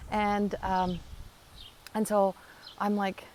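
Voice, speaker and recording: A woman's voice: medium pitch, drawn-out words, slight background noise. A woman, a psychic medium, chattily telling a personal story and acting out the dialogue. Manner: chatty, animated retelling with quoted dialogue.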